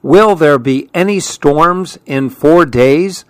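A man's voice: a little high, takes it slowly, clean tone, dry recording. A man reading the lines of a grandfather who frets over the weather in a storybook. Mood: concerned. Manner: muttering, relieved. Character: grandfather worried about weather.

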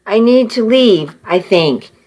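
A woman's voice: medium pitch, animated, slow, a little mellow. A woman reading an audiobook, voicing a frightened young man who stammers and wails in panic. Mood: panicked. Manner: stammering, wailing. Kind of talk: audiobook character voice.

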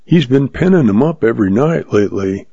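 A man voicing a mild slow cowhand. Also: animated, gravelly, warm tone, slightly rough, no room sound. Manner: slow, mild drawl, raised pitch. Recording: dry, slightly muffled lo-fi.

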